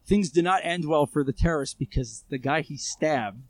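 A man's voice: a little high, animated, moderate pace, no room sound. A man being interviewed, telling a story in a casual, conversational way with many fillers and restarts. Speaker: guest, armed civilian responder. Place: Israel.

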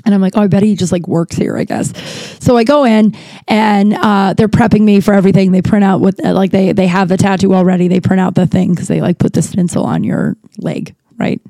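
A woman's voice: medium pitch, fairly even intonation, brisk, creaky, warm tone, no room sound. A woman hosting a podcast, telling a personal story in a casual, rambling way, full of fillers and restarts. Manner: candid, lightly profane. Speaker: podcast host.

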